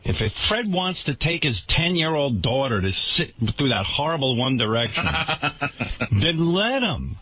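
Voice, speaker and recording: A man's voice: medium pitch, very animated, a little slow, sharp tone. A man hosting a radio talk show, delivering an indignant, sarcastic rant to his listeners.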